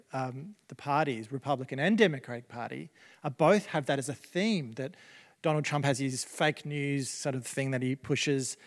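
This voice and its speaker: Man, pastor, conversational sermon, somewhat high voice, long hall reverb. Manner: conversational, with many fillers and restarts.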